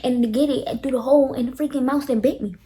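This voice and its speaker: A young woman vlogger telling a storytime tale to her viewers, animated and dramatic, talking straight to them. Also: high voice, fast talker. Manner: animated, dramatic retelling, addresses viewers directly. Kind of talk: casual storytime.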